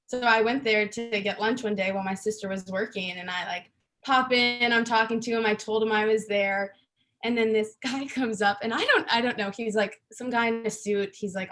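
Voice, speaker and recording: A young woman, a guest on a podcast, telling stories in a lively, chatty way with many fillers. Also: medium pitch. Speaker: interview guest. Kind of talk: casual interview chat.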